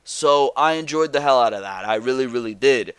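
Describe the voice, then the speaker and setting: A man hosting a wrestling predictions show, talking bluntly and excitably with casual swearing and slang. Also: mid-range voice, fairly quick, clean tone, dry recording.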